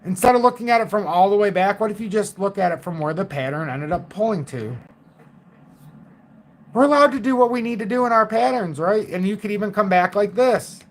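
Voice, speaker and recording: Excitable man in his forties. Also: high voice, a little fast. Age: 40s. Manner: excitable and emphatic, thinks aloud with fillers and mild swearing. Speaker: crypto live-stream host. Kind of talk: casual live-stream chart commentary.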